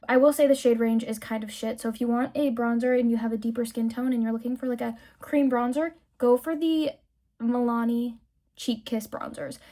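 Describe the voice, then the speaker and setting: A woman's voice: fairly high pitch, fairly even intonation, brisk, mellow. A young woman talking through a casual makeup tutorial, chatty and candid, gushing about products and swearing freely when she rants. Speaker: beauty vlogger.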